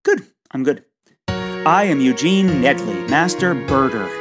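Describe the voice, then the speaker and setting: A woman's voice: a bass voice, expressive, unhurried, over music. A woman voicing a nervous, fussy male Victorian bird expert who talks in a flustered, self-deprecating way.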